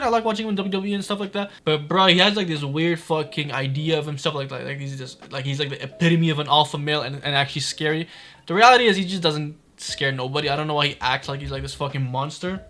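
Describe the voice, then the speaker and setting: A man talks through online drama in a casual commentary, blunt and full of swearing. His voice is bright and sits a little high. He speaks in quick bursts. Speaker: commentary youtuber.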